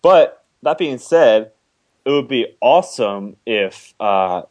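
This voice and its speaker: A man's voice: medium pitch, animated, takes it slowly, a little mellow, muffled recording. A man co-hosting a casual sports podcast who jokes and banters with his partner. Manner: joking, conspiratorial banter. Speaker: podcast co-host.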